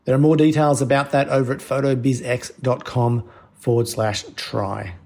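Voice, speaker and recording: A man's voice: medium pitch, flat delivery, normal speed, darkish tone. A man hosting a podcast, reading promos and a guest introduction in an upbeat way. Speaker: podcast host.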